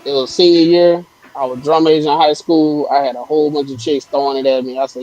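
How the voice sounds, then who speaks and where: A man with a somewhat high voice in casual conversation. He tells a personal story in an easygoing, conversational way. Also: brisk, hardly any pauses, a little mellow, rough recording. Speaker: podcast co-host. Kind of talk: casual chat.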